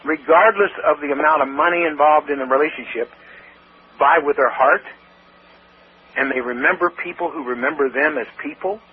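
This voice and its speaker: A man's voice: on the high side, normal speed, slightly rough. A man telling a story as an interview guest, talking with animation and acting out what other people said. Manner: animated storyteller who acts out quoted speech. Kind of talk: phone-in storytelling. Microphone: telephone. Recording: tinny phone line with faint hiss.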